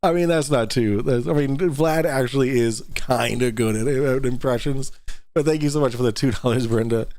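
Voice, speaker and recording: A mid-pitched man runs a livestream show in a dry, close sound. He swears freely and laughs as he reads out donations in loose, casual chat. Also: moderate pace, darkish tone, no room sound. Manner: profane, laughing, reading donations. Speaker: podcast host.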